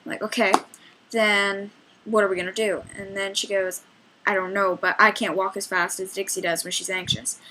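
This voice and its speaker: A woman's voice: medium pitch, flat delivery, moderate pace, pushed and bright, low-quality recording. A young woman who works as a trail guide, chattily retelling a trail ride with lots of quoted back-and-forth. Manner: chatty, rambling retelling with many quoted exchanges. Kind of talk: storytelling vlog.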